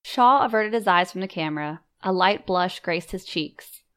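A woman reading a story aloud in measured, composed first-person narration. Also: lowish voice, lively intonation, fairly bright tone, clear, resonant tone. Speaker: audiobook narrator.

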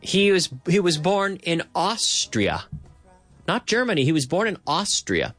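A man hosting a casual English lesson, explaining slowly, repeating phrases and adding Spanish translations. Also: sits high, very animated, fairly bright tone, no echo, soft background music. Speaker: English teacher host.

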